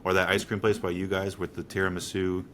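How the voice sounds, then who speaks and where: Low male co-host, loose rambling chat, laughs easily. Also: flat delivery, fast, a bit bright, a little hiss or hum. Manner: laughs often, rambling fillers. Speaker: podcast co-host. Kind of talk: casual chat.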